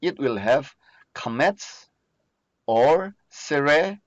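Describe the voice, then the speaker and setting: A man with a fairly high voice and lively intonation gives a recorded lecture, speaking slowly and patiently as he poses questions and answers them himself. The recording is dry and muffled, with a lo-fi quality and no room sound.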